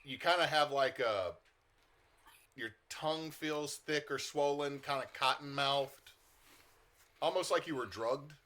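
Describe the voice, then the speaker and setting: A man's voice: medium pitch, unhurried, pauses often, pushed and bright. A man narrating as game master of a tabletop horror game, explaining rules and describing scenes in a casual way.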